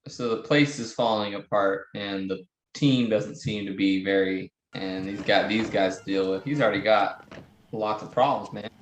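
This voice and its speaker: A man's voice: fairly low pitch, fairly even intonation, normal speed, roomy sound, slight background noise, rough recording. A man co-hosting a movie reaction, chatting casually and joking playfully. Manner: jokey, playful.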